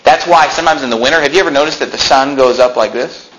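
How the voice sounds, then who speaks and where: A pastor preaching a sermon in a church, explaining scripture with rhetorical questions and folksy asides. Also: male voice, mid-range voice, fast, fairly bright tone, dull audio, a little hiss or hum.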